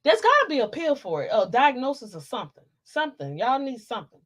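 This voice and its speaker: A woman's voice: high voice, very animated, fast. A woman in casual commentary, ranting and cursing in an exasperated way, with speech. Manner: profane, loud, exasperated ranting. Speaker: commentary vlogger.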